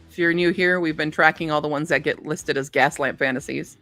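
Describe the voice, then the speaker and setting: A woman's voice: low voice, steady tone, a little fast, hardly any pauses, fairly bright tone, no echo, soft background music. A woman hosting a casual livestream, chatting and reading book blurbs aloud. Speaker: book streamer.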